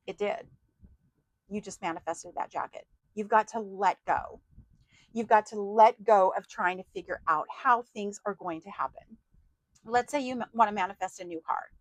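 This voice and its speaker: A woman mindset coach giving an animated motivational talk, acting out excited inner voices. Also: mid-range voice, no room sound, low-quality recording.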